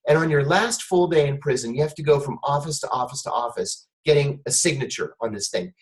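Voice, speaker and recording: A middle-aged man, a guest on a talk show, telling a wry, animated story in conversation. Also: a little high, a little fast, rough recording.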